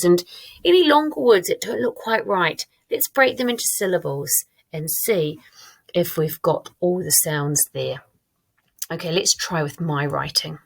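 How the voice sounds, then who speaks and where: A woman teacher giving a recorded online lesson, modelling her own writing aloud in a clear, encouraging way. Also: lowish voice. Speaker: primary school teacher.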